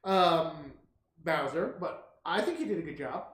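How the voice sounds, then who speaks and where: Rambling co-host, casual movie chat, lots of ums, mid pitch, echoey room. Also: expressive, measured pace. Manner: rambling, full of uh and um fillers. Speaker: stream co-host.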